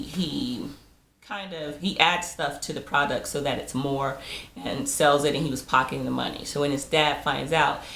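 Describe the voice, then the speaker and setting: Low-voiced woman with some fry, chatty tv recap, echoey room. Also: fairly bright tone, a little hiss or hum. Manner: chatty, laughs often, acts out quotes. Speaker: TV episode reviewer. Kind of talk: casual TV recap. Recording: roomy echo.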